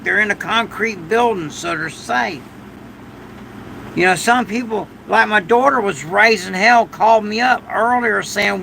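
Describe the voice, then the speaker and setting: An older man with a deeply gravelly, rough voice that sits high for a man and cuts through sharply. He talks slowly and rambles through a casual livestream, breaking into loud thanks for his viewers. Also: slight background noise, rough recording. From United States. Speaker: livestream host. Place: shed during a storm.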